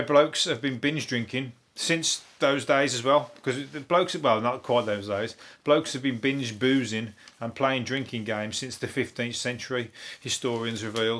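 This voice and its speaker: A man's voice: medium pitch, fairly bright tone. An English man hosting a comedy podcast, chatting casually in a rambling way, swearing freely and chuckling often.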